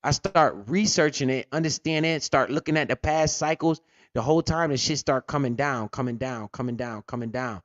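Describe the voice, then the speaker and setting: A man's voice: mid-range voice, normal speed, no echo, muffled recording. A man hosting a casual crypto livestream, telling stories animatedly with lots of slang and swearing. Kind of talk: casual profane livestream talk.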